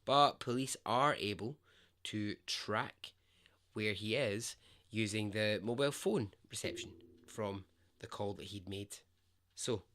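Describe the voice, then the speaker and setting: Slow, low-voiced male podcast storyteller. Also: a bit bright. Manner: conversational and emphatic, swears freely. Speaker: podcast host. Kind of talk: true-story podcast narration.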